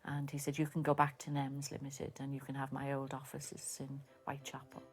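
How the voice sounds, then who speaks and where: Lively older Liverpool woman telling stories. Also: very deep voice, moderate pace, slightly rough. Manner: lively storyteller acting out quoted voices. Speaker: interviewee. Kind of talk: reminiscing interview.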